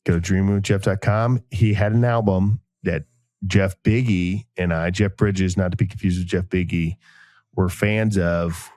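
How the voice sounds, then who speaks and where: A low-pitched man telling long, jokey stories on a podcast. He rambles from one story to the next in a loose, animated way, and his voice sounds dry and close. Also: normal speed, no room sound. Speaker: podcast co-host. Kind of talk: casual chat.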